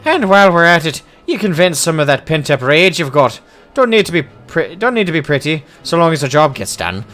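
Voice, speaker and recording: A man's voice: on the high side, big pitch swings, brisk, fairly bright tone, faint music behind. A man voicing a jovial, hard-drinking male dwarf adventurer in a put-on Irish accent, hearty and boastful. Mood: teasing. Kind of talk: voicing game dialogue aloud.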